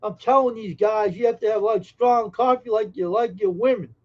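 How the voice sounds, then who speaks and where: A man's voice: high voice, normal speed, highs cut off. A man hosting a casual live stream, joking brashly and teasing viewers in chat. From Massachusetts.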